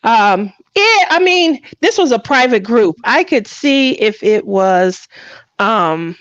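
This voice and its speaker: A woman hosts a casual craft livestream, telling stories in a lively way and breaking into laughter often. Her fairly high voice comes through dry and close. The sound is a little dull and lo-fi. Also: slow pace, no echo. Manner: laughs often, animated storytelling.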